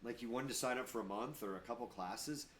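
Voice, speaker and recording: A man's voice: mid-range voice, fairly quick. A middle-aged man, a martial arts instructor and gym owner, chatting casually on a podcast and acting out quoted voices with emphasis.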